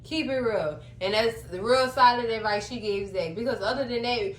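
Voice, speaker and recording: A woman's voice: a little high, moderate pace. A woman, chatting casually as she recaps a TV episode and acts out the characters' lines. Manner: chatty, dramatic, acts out quotes. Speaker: TV recap vlogger. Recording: echoey room, faint hum.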